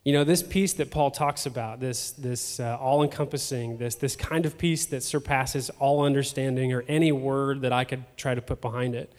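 A man shares a heartfelt testimony at a church service, pausing often and repeating himself as he searches for words. His voice sits mid-range for a man and carries a long reverb from the sanctuary around him. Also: mid-range voice, steady tone, darkish tone. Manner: emotional, halting, with fillers and repeats. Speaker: church member sharing testimony.

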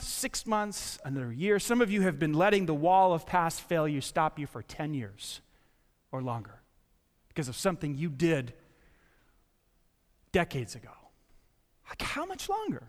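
A man's voice: on the high side, lively intonation, normal speed. A middle-aged man preaching a sermon as pastor, telling personal stories with self-deprecating asides and restarts. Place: church sanctuary. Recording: long hall reverb.

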